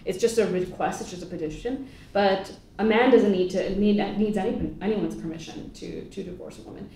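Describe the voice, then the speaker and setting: Halting woman panelist, far-off in a hall. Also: medium pitch, mellow. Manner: halting, many restarts, indignant. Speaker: panelist and moderator. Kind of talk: panel discussion. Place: lecture hall. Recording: echoey hall, distant mic, faint noise.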